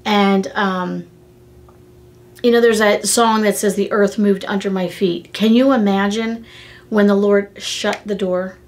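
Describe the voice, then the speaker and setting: An earnest middle-aged woman delivers a devotional talk in a conversational teaching style. She speaks at a middle pitch and tells her stories with heartfelt, animated emphasis. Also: unhurried. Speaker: devotional podcast host.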